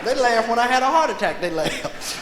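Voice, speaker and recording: A male stand-up comedian telling profane, animated stories on stage and acting out voices. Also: very high voice, fairly quick, long reverb tail. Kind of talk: live stand-up storytelling. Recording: live concert album with crowd and hiss.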